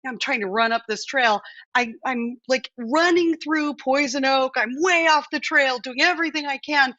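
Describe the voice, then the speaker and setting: A woman's voice: high voice, moderate pace, sharp tone, dry recording, highs cut off. A woman in her forties from the United States, co-hosting a live stream from home and talking casually and emotionally, with storytelling asides. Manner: emotional, chatty, tells stories with quoted asides. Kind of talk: casual conversational talk.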